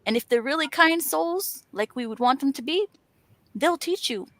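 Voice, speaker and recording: A woman's voice: high-pitched, animated, normal speed, fairly bright tone, no echo. A woman talking in an earnest, encouraging way, stacking up emphatic lists. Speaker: author and panel host. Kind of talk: motivational casual chat.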